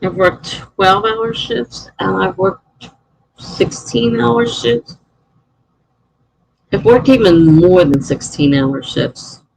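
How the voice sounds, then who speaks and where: A woman's voice: medium pitch, slow, vocal fry, pauses often, a little mellow, slightly rough, poor audio. A middle-aged woman chatting casually on a live stream, answering chat messages and laughing often.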